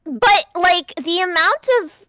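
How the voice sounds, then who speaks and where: A woman's voice: very high voice, slow, bright, forceful tone, no echo, studio quality. A young woman streaming, chatting casually and breaking into giggly, shrieking laughs. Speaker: VTuber streamer. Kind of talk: casual chat.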